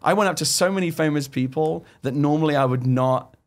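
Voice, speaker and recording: Excitable man telling stories. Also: fairly high pitch, fairly quick. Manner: excited storytelling with many restarts. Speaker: guest screenwriter. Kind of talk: casual chat.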